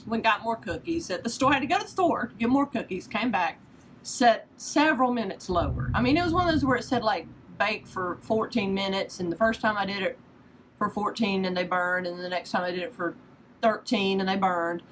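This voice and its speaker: A woman's voice: medium pitch, lively intonation, fairly quick, a bit bright, a little hiss or hum, rough recording. A woman, hosting a casual devotional podcast in a chatty, self-deprecating storytelling manner. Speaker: podcast host.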